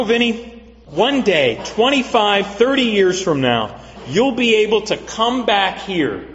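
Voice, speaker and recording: Slow, earnest preaching man in echoing hall. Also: on the high side, fairly bright tone. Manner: measured, earnest preaching with repetition for emphasis. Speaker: pastor. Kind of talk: sermon. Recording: dull lo-fi recording with long hall reverb.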